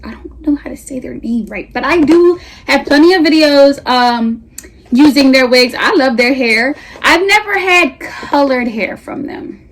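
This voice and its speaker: A woman's voice: sits high, a little slow. Chatty, slangy young woman vlogger. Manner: chatty, slangy, hyped and animated. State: a little out of breath. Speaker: beauty vlogger. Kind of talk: casual hair review vlog.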